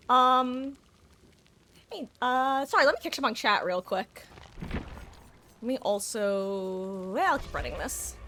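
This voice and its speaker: A woman live-streaming a game, chatting casually with viewers in an excitable, talkative way on a desktop mic. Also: on the high side, a little hiss or hum. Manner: chatty and excitable, quick bursts of laughter. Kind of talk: casual gameplay chat with viewers.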